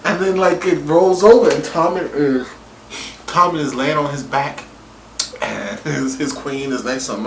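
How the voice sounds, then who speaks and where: A man casually reviewing a TV episode, excitable and profane with big swings in his voice. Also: medium pitch, moderate pace, a little hiss or hum. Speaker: TV review vlogger. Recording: roomy room echo.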